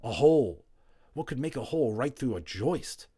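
A man narrating a children's novel aloud, expressive and building tension, dropping to hushed tones in quiet moments. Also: mid-range voice, normal speed, slightly rough. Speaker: audiobook narrator. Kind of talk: storybook read-aloud narration.

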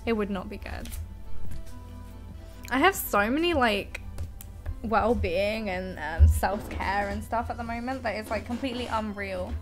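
Chatty woman streaming, soft music. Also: medium pitch, unhurried, pauses often. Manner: chatty, giggly, cooing over her cat. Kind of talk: casual live-stream chat. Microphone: desk microphone.

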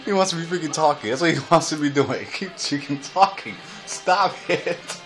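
A young man commentating his own video game match, recorded on a phone, excitable and quick to yell, laugh and curse. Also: fairly high pitch, over music.

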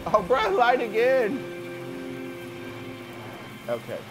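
A man's voice: very high-pitched, very animated, takes it slowly, over music, low-quality recording. A man giving jumpy, jokey commentary while playing a game, often talking to himself. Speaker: gamer. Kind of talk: let's play commentary.

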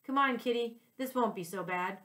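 An easygoing young man at a grooming shop, coaxing a nervous cat in a relaxed, patient tone, as a woman reads his lines. No attempt is made to drop the voice. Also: on the high side, normal speed, lightly acted.

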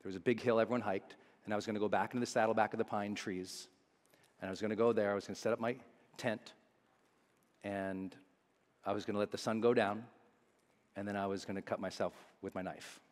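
A man's voice: fairly low pitch, flat delivery, fast talker, pauses often. A motivational speaker, a man, telling a personal story to a live audience in an earnest, confessional way. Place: large seminar hall. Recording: long hall reverb.

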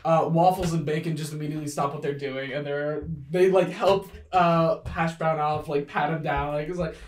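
Low-voiced woman running a tabletop game. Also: moderate pace, slight background noise. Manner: relaxed, many fillers. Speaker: game master. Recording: echoey room.

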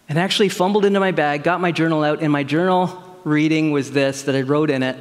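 Animated male pastor in a reverberant church. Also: on the high side, brisk. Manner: conversational, animated storytelling with quoted dialogue. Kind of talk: sermon with personal story. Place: church sanctuary. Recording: long hall reverb.

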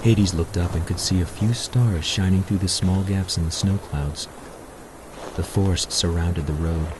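A man narrating a novel in a measured, steady audiobook reading. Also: deep voice, noisy background.

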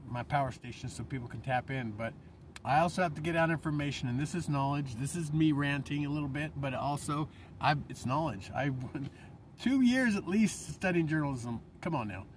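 A man rants into the camera on his vlog, profane and heated. His voice sits a little high for a man. He rambles, jumping from loud outbursts to low muttered asides, and a faint hiss runs under his voice. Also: lively intonation, moderate pace. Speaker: vlogger. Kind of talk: ranting monologue.

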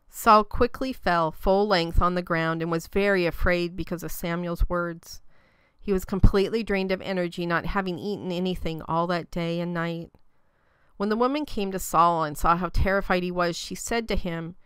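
Smooth-voiced woman reading scripture. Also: lowish voice, steady tone, normal speed, a bit bright, no room sound. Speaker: scripture reader.

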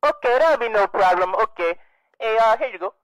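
A man's voice: high voice, expressive, a little fast, a bit bright, no echo, low-quality recording. A man doing a frantic stammering call-center agent. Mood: flustered. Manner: stammering, apologetic, repeats himself.

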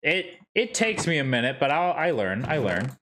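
An excitable male streamer giving running commentary as he plays, his voice leaping up and down in pitch. His tone is bright and forward, and he breaks into yelps and shouts whenever something goes wrong. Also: normal speed, a little hiss or hum. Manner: excitable, talks to himself and chat, yelps and shouts at enemies. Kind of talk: live gameplay commentary.

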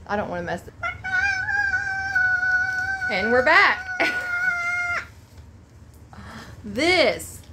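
A woman's voice: on the high side, huge pitch swings, extremely slow, long pauses, heavy background noise. A woman hosting an unboxing vlog, gushing and exclaiming, emotional and close to tears. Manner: bubbly, gushing, exclaims often. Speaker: vlog host.

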